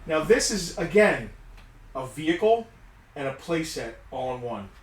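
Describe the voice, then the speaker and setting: A man's voice: on the high side, sing-song, a little slow. A man casually reviewing a vintage toy on a live show, thinking aloud as he handles it. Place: indoor studio room. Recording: echoey room, distant mic, noisy.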